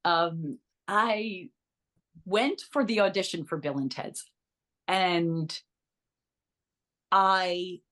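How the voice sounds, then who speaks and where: Middle-aged woman, actress guest, chatty, animated, restarts a lot, casual interview storytelling. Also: on the low side, drawn-out words, pauses often.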